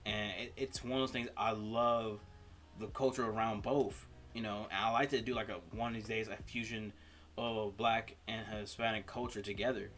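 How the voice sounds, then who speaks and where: Rambling bright-toned young man. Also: fairly low pitch, flat delivery. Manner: rambling, halting with fillers and restarts. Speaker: reaction video host. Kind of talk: casual reaction commentary.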